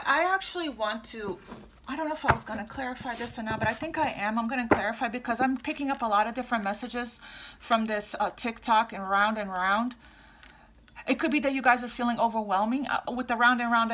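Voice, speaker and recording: A woman's voice: fairly high pitch, a bit bright. Rambling woman giving a tarot reading. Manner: rambling, many restarts and fillers, addresses "you guys". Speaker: tarot reader. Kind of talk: casual tarot reading to viewers.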